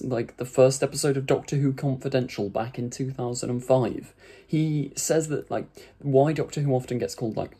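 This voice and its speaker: Mellow, husky-voiced man reviewing aloud. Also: medium pitch. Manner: chatty, with frequent "like" and "kind of" fillers. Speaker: YouTube reviewer. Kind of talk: reading a review aloud with casual commentary.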